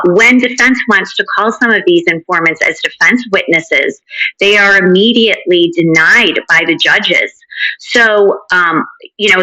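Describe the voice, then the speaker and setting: A woman's voice: mid-range voice, bright, forceful tone, rough recording. A woman speaking as a guest commentator, laying out her case in firm, detailed commentary. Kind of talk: political commentary.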